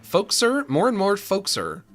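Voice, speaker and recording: A man doing a chirpy high pirate lady. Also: wildly swooping pitch, unhurried, fairly bright tone, heavily acted. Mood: eager. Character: bubbly pirate woman creature, the captain's wife.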